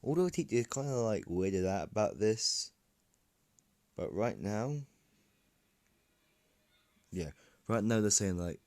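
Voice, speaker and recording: A man's voice: deep voice, animated, measured pace, long pauses, dry recording. A man casually improvising a fan story, rambling with many fillers and restarts, recorded on a phone.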